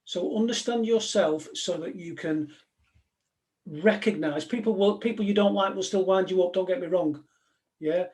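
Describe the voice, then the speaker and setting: A man's voice: sits high, moderate pace, a little mellow. Direct man giving a talk. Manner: direct, anecdotal, conversational. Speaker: speaker, former police negotiator. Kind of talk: live motivational talk to an audience.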